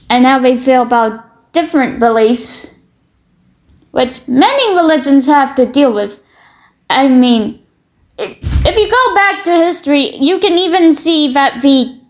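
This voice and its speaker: High-voiced, slow, blunt woman reacting online. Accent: Canadian-sounding. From Britain. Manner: opinionated, blunt, swears freely; halting, repeats words when starting a thought. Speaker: commentary streamer. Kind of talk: reacting to social media posts.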